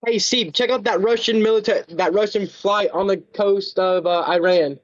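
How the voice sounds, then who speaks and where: A man's voice: high-pitched, fairly even intonation, normal speed, dry recording. A man on a livestream voice chat, offhandedly passing on news updates. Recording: dull, dry lo-fi voice chat.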